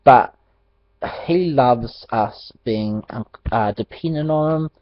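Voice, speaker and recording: A man telling a personal faith testimony in an animated storytelling way, laughing often. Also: mid-range voice, slow, dry recording. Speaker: ministry speaker. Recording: dull dry lo-fi recording.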